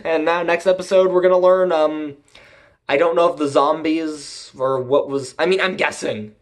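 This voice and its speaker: A man's voice: on the high side, fairly even intonation, normal speed. A man giving a rambling, profane, casual recap and review of an anime episode, laughing often.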